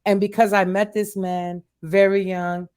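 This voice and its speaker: A woman's voice: medium pitch, flat delivery, unhurried, a little mellow, smooth. A woman guest in a candid interview, talking earnestly and emotionally and repeating phrases for emphasis.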